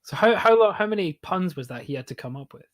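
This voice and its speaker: A man's voice: sits high, lively intonation, fast talker. A man from Scotland, a podcast guest, curiously asking questions in casual chat. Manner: curious, asks lots of questions.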